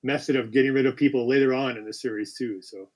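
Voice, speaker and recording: A man's voice: medium pitch, steady tone, fast talker, a little mellow. Chatty man hosting a live quiz. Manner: chatty, self-correcting, apologetic asides. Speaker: quiz host. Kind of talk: live-stream quiz chat.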